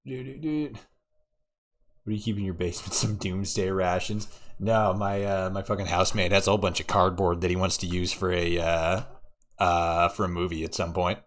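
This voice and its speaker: A young man from Oregon, USA, streams a game and chats casually, swearing and laughing often. His voice is low-pitched with little pitch movement, at normal speed.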